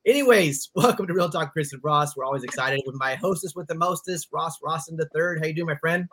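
Bright, eager male podcast co-host. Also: fairly high pitch, fairly quick, a little hiss or hum. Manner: enthusiastic, easily sidetracked. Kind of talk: casual podcast chat.

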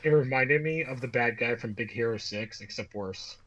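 A man's voice: medium pitch, normal speed, a bit bright. A man co-hosting a podcast, teasing and sarcastic in loose chat. His mic sounds dull and lo-fi, with a faint hiss underneath. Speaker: podcast co-host. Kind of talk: casual chat.

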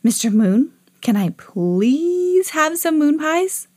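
A woman voicing an eager, hungry young boy adventurer in a storybook, pleading and excited. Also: a little high, measured pace, dry recording, pitched above the performer's own voice.

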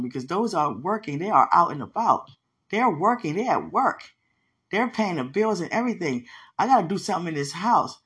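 A woman's voice: lowish voice, very animated, normal speed. A woman preaching in an emphatic, conversational way, teaching from a dream with repeated phrases. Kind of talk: sermon-style teaching about a dream.

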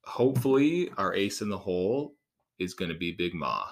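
A man's voice: deep voice, sing-song, normal speed, vocal fry. A man co-hosting a podcast in casual chat, laid-back and joking, with some swearing. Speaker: podcast co-host.

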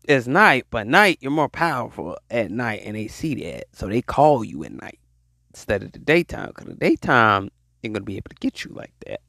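A man hosting a podcast, ranting in an animated, preachy monologue, repeating his points. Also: medium pitch, no echo, clean studio sound. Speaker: podcast host.

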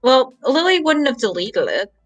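A man hosting a podcast in casual chat, rambling and stammering, quick to laugh. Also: very high-pitched, wildly swooping pitch, a bit bright, faint music behind, low-quality recording. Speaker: podcast host.

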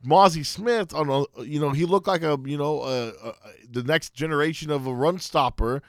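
A man co-hosting a sports podcast, explaining and defending his takes in casual debate with halting restarts. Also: fairly high pitch, no echo, clean studio sound. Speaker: podcast co-host.

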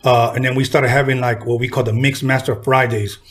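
A man hosting a casual talk, telling a story with animated delivery and acting out the voices of people in it. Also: a little fast. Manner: animated, acts out quoted voices with jumps in pitch. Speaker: podcast host telling a story.

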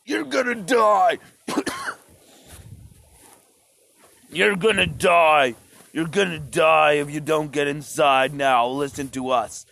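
A man's voice: medium pitch, slow pace, heavily acted. A man putting on the voice of a screaming, menacing drone that barks threats. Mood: shouting. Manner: shouting threats.

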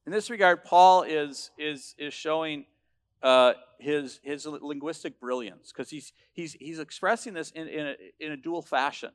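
Emphatic preacher man, fairly high voice. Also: moderate pace. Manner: emphatic, building to loud declarations with frequent restarts. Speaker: pastor. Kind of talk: sermon.

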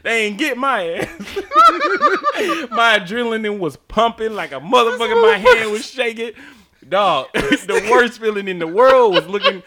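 A man's voice: extremely high pitch, big pitch swings, measured pace, a crowd in the background. A man hosting a casual podcast chat, telling stories in profane slang and laughing often. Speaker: podcast host.

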